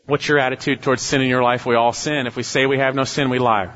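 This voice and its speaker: A male pastor preaching a sermon with emphasis, swinging between raised exhortation and low, quiet asides. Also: little pitch movement, fast, slight background noise. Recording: dull lo-fi sound with long hall reverb.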